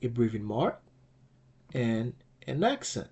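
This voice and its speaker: A man's voice: medium pitch, big pitch swings, slow, a little mellow, breathy edge, dull audio. A man teaching a language lesson, explaining patiently, repeating key points and checking in with "okay?" as he goes.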